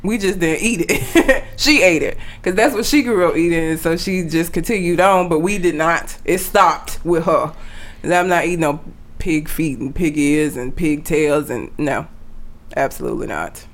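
A woman chatting casually on a podcast, emphatic and animated, laughing often. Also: low-pitched, normal speed. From grew up in the country. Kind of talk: casual chat.

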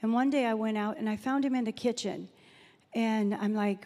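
This middle-aged woman's voice is a little high and mellow, with a steady tone and normal speed. She is the guest speaker at a church Mother's Day service, preaching conversationally through personal anecdotes and Bible passages, and the hall around her echoes.

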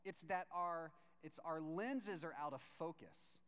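A man in his thirties preaching a sermon as a pastor, lively and conversational, acting out voices as he tells the story. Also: on the high side, unhurried, smooth. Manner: animated, acts out voices while reading scripture. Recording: long reverb of a large hall.

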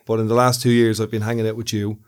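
A man's voice: lowish voice, flat delivery, fast talker. A man co-hosting a podcast in casual chat, curious, asking questions and joking. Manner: curious, asks questions, jokes. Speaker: podcast co-host.

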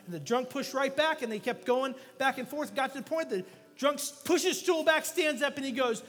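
High-voiced pastor preaching in a hall. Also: male voice, moderate pace, few pauses, faint music behind. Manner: animated storytelling with jokes, swinging from loud to hushed. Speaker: guest pastor. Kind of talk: sermon.

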